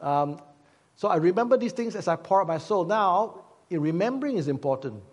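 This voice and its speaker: A man's voice: sits high, expressive, fairly quick, darkish tone. A man preaching a sermon as pastor, conversational, with many fillers and repeated rhetorical questions. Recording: long hall reverb.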